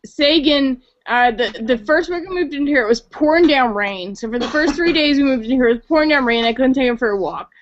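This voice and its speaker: A woman's voice: high voice, animated, fairly quick, few pauses, slight background noise. Chatty tipsy woman on dull call audio. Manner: chatty, swearing, lots of filler 'like'. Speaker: guest on a call-in chat show. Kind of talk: casual storytelling.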